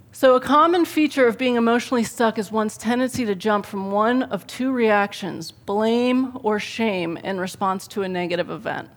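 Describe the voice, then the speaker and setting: Middle-aged woman giving a sermon, casual and animated, keeps saying right?. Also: a little high. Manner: conversational, tags points with "right?"; animated storytelling, laughs at her own anecdotes. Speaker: speaker at a church service.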